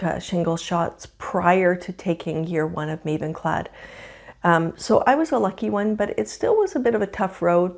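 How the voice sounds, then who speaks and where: A woman in her fifties talking candidly to camera at home in a casual vlog, with a slightly rough morning voice and frequent laughs. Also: fairly low pitch, a little mellow. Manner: chatty and candid, laughs often. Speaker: vlogger. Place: home, indoors.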